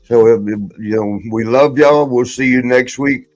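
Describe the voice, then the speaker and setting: A man's voice: mid-range voice, a little slow, darkish tone, low-quality recording. A man in his sixties, a former wrestler hosting a podcast, telling rambling stories and laughing often. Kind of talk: casual chat.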